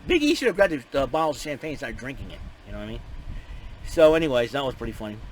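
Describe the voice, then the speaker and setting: A man giving a casual, rambling spoken recap, excitable and full of restarts and fillers. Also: medium pitch, very fast, a little hiss or hum, rough recording. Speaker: show recapper.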